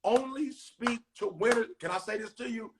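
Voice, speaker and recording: A man's voice: very high voice, moderate pace, noisy background. A middle-aged man, giving a hyped, preachy motivational talk full of slangy stories. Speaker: motivational speaker and co-host.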